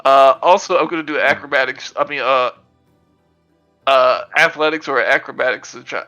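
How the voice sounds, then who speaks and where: A man's voice: mid-range voice, normal speed, pushed and bright, faint music behind, poor audio. A man playing a tabletop game, chatting casually, rambling and laughing as he jokes with the group. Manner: rambling, joking, laughs often. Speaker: player.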